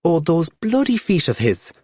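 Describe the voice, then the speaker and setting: A man voicing a harried mother who yells in exasperation, pitched up high. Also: sing-song, moderate pace, breathy edge, no room sound, clean studio sound. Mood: scolding. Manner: yelling, exasperated. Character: harried Irish mother, scolding and shrill.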